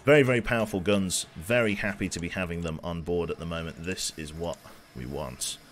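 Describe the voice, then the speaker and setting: A man's voice: sits low, fairly quick, a little hiss or hum. A man in his twenties from England with a faint Birmingham accent, giving chatty, self-mocking commentary as he plays a game on a live stream. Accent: light Birmingham. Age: 20s.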